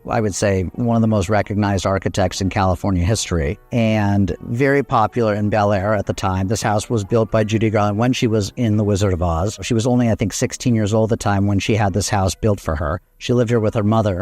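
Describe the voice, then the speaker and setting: A man who sells real estate, describing a home in a measured, enthusiastic way. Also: lowish voice, darkish tone. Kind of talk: property walkthrough.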